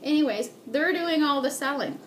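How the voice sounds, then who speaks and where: A woman giving a sales training talk as a beauty consultant, animated, acting out customers and ending lines with "okay?". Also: sits high, normal speed, slight background noise.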